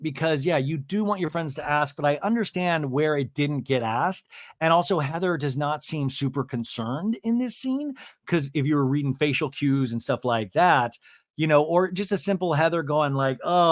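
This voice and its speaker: A man's voice: on the high side, animated, normal speed, no room sound, studio quality. A man hosting a podcast, giving a rambling, self-mocking comedic recap of a TV episode. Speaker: podcast host.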